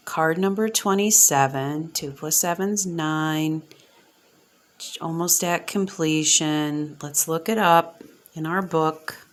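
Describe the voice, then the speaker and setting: A woman reading spiritual oracle cards aloud, soft-spoken and gushing, sometimes dropping to near-whispers. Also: deep voice. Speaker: oracle card reader.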